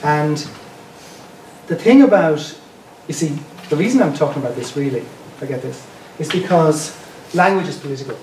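A man with a South County Dublin accent gives a relaxed public lecture, wandering from point to point and often restarting his sentences. His voice sits a little high for a man. He is picked up from some distance in a reverberant room with a faint hiss underneath. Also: moderate pace. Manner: conversational, digressive, restarts phrases. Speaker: guest lecturer. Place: lecture room in an archive building. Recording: roomy, distant mic, faint background noise.

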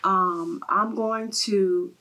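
A woman hosting a faith interview, talking in an animated, emphatic, preacher-like way. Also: medium pitch, drawn-out words. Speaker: host.

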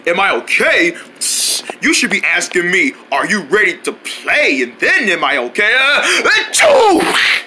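A man's voice: high-pitched, wildly swooping pitch, a little slow, sharp tone, slight background noise, exaggerated voice. A man voicing a sneezy, whiny young boy who insists he is not sick, in a homemade cartoon. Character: sneezy stubborn young boy hiding his cold.

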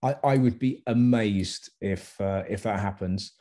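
An English comedian talks through a relaxed interview in a lowish, mellow voice. He rambles cheerfully, piling up animated anecdotes as he goes. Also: a little slow. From England. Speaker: comedian guest. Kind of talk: casual interview chat.

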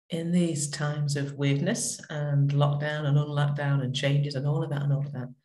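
A middle-aged woman vicar giving a gentle, reflective talk that tells a story, with pauses. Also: sits low, roomy sound. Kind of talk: short spoken reflection.

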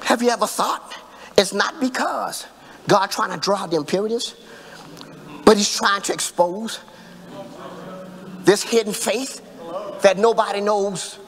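A man preaching a sermon in call-and-response style, building to emphatic shouts. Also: high voice, unhurried, creaky, pauses often. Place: church sanctuary. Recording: echoey church hall reverb.

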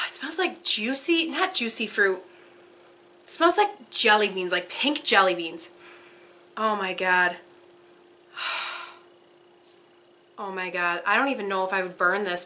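A young woman vlogging an unboxing, gushing with breathless excitement and frequent gasps. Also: medium pitch.

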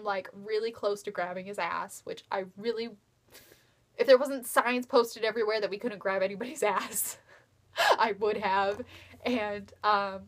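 A young woman fan vlogger, medium-pitched with a fairly bright tone, tells a fan story casually from her bedroom at night. She's giddy and gushing, breaking into breathless squeals.

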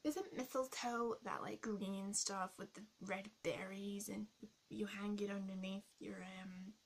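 A woman's voice: medium pitch, fairly even intonation, measured pace. A woman playing a snarky, rude young woman character, ranting sarcastically in a comic role-play vlog. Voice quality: blunt, sarcastic, swears freely.

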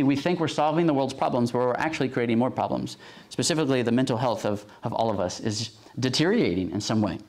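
A man preaching a sermon in a conversational way, with many fillers and tag questions, acting out quoted voices. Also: medium pitch. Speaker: pastor.

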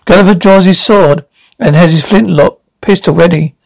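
A man's voice: high voice, moderate pace, creaky, dry recording, poor audio. A man reading stage directions aloud in a plain way, with slips and restarts. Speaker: reader.

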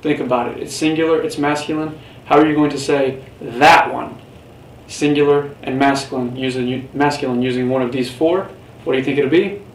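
Heard from a distance, a man with a steady, medium-pitched voice and normal speed teaches Spanish in a recorded lecture. The audio is roomy with a faint hiss; he patiently breaks things down step by step and quizzes the class.

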